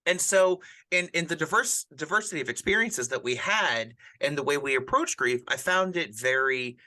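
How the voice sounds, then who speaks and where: A man's voice: fairly high pitch, animated, moderate pace, sharp tone. A middle-aged man, a pastor and podcast host, talking earnestly about grief in a casual chat, often restarting his sentences. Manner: earnest, rambling with frequent restarts. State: widowed, grieving.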